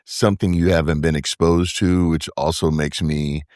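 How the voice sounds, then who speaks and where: A man talking as a brewery co-founder guest in a casual podcast chat, earnest and reflective, building his points in halting phrases. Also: very deep voice, fairly even intonation, darkish tone, no room sound, studio quality.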